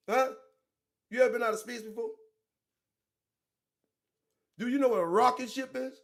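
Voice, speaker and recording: Animated, gravelly male reaction host. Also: high voice. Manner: loud, mocking, street slang, riffs and repeats. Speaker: commentary show host. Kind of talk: profane reaction commentary on a played clip.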